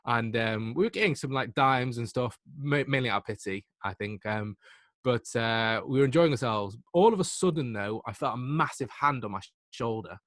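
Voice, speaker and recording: A man in his twenties with a Mancunian accent, a podcast guest telling stories in a lively, self-deprecating way. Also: medium pitch, moderate pace, no room sound, studio quality. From Manchester, England. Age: 20s. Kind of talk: casual anecdotal storytelling.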